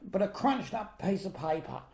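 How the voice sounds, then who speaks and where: A mid-pitched co-host chimes into a casual political chat with teasing quips and dry jokes. The voice sits in a roomy, echoey space. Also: very animated, normal speed, vocal fry, warm tone. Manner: teasing, wisecracking. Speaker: podcast co-host. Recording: roomy echo.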